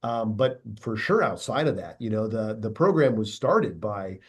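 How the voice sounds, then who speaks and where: A man leading an academy, speaking as a podcast guest in a measured, reflective way, often ending his points with a checking question. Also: lowish voice, expressive, slightly rough. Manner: measured, reflective, tags sentences with "right?". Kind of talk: interview conversation.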